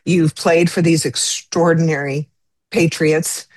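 A woman's voice: deep voice, steady tone, slow pace, darkish tone, no room sound. Stammering, effusive woman interviewer. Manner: effusive, stammering, sympathetic questioning. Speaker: interviewer host.

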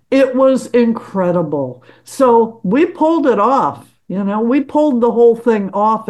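Guest, older woman, warm mellow tone, chatty anecdotal storyteller. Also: mid-range voice. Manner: animated storyteller, casual, quotes people. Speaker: musician guest. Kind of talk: interview storytelling.

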